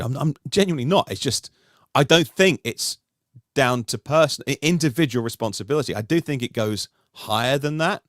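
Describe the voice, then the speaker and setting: A man talking through a podcast discussion in an animated, rambling way, with many restarts. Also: mid-range voice, fairly quick, no echo, clean studio sound. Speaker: podcast host, guest panelist.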